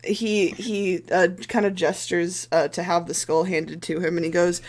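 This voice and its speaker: A young woman narrating a tabletop game as game master, hesitant and filling pauses with ums. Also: fairly low pitch, steady tone, darkish tone. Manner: hesitant, full of ums and kinda. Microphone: streaming headset or desk mic.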